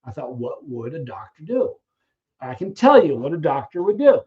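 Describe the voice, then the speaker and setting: A man hosts a casual live question-and-answer stream and speaks in a fairly high voice. He tells stories in an animated way, acting out the voices of people in them and often stumbling into restarts. The audio is a little dull and lo-fi. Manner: animated storyteller who acts out scenes, halting restarts. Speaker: livestream host answering viewer questions.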